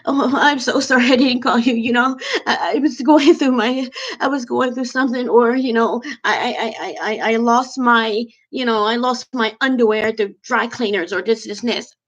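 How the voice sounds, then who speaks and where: A woman's voice: fairly high pitch, normal speed, lo-fi sound, voice pushed up, lightly acted. A woman acting out a whiny, self-pitying friend who stammers through over-the-top apologies.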